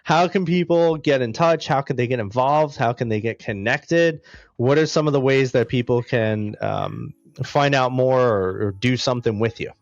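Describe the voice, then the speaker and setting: A mid-pitched male podcast host asks his guest questions in a friendly, upbeat tone. His mic sounds dry and a little dull, with no room echo. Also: normal speed. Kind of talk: casual interview questions.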